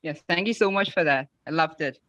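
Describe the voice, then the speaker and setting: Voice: mid-range voice, fairly quick, a bit bright, no echo, muffled recording. Polite questioner on a dry video call. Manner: polite, hesitant questions with fillers. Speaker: student asking questions. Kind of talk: online Q&A session.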